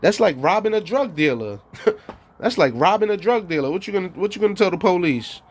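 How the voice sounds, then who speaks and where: A man's voice: high-pitched, expressive, brisk. A man giving a rambling, profane monologue as a streamer, bragging and laughing often between lines. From New York.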